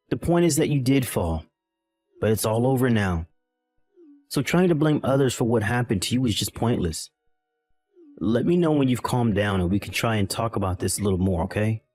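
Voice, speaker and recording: A man's voice: fairly low pitch, darkish tone. A man playing a callous, dismissive husband. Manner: dismissive, irritated, condescending. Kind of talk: acted text-message drama.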